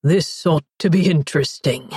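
Woman putting on a gentle stepdad voice. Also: low voice, normal speed, husky, no echo, clean studio sound, pitched below the performer's own voice. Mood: pompous. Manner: fake British accent, kindly. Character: jovial middle-aged man, future stepfather.

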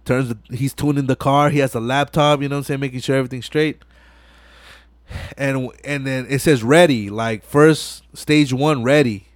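A man hosting a podcast, retelling a film scene by scene in animated, slang-heavy, profane casual talk full of fillers. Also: medium pitch, moderate pace, dry recording. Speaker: podcast host. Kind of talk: casual movie recap.

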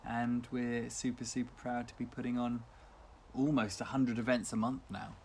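A man's voice: medium pitch, flat delivery, moderate pace, gravelly, darkish tone, slight background noise. An English man co-hosting a community radio show in casual chat, tipsy, giggly and playful as he reads out event listings.

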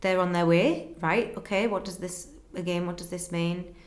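A woman's voice: fairly low pitch, steady tone. Earnest woman telling her story. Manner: earnest and emotional, reenacting conversations in quick back-and-forth. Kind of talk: personal storytelling in an interview. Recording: roomy echo.

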